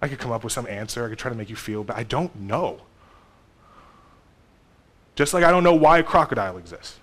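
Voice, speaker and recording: A pastor in his thirties gives a conversational sermon in a brisk, expressive, mid-range voice, swinging suddenly between loud emphasis and soft asides.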